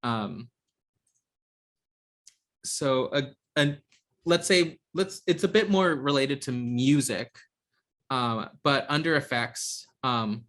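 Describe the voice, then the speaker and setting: A man leads an online software class from a video call mic. His talk is hesitant, with frequent ums and false starts, and sits at an ordinary middle pitch. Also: slow, long pauses. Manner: hesitant, lots of ums and restarts. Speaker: instructor.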